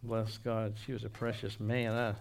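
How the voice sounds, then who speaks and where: A man preaching a sermon with humorous asides and call-and-response, trading loud exclamations for hushed whispers. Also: lowish voice, completely flat delivery, normal speed, gravelly, slight background noise.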